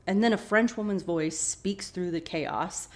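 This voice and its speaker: A woman hosting a podcast, casually recapping a TV episode with animated, chatty asides. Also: lowish voice, a little slow. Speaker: podcast host.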